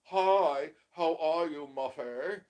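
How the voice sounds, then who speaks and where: A man's voice: a little high, takes it slowly, a little mellow, pitched above the performer's own voice. A man putting on a chirpy girly gossip. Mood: gushing. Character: gushing girly woman making small talk.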